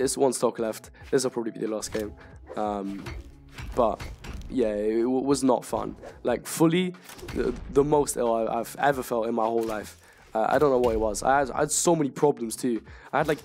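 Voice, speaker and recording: A young man with a hoarse voice from illness, rambling and restarting his sentences as he casually talks over his gameplay. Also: medium pitch, darkish tone. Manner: rambling, halting, many restarts. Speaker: gaming YouTuber.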